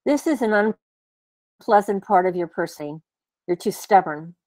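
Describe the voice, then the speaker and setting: A woman's voice: medium pitch, expressive, unhurried, a little mellow, no echo, lightly acted. A woman voicing a condescending, lecturing man. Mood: irritated. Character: argumentative dismissive man in a cafe.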